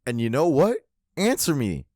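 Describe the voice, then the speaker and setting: A man co-hosting a casual podcast, talking at a middle pitch. He tells the story with excitement and plenty of profanity. The recording is close and dry, with no room sound. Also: normal speed, dry recording. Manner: profane, animated retelling of a comic. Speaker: podcast co-host. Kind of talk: casual chat.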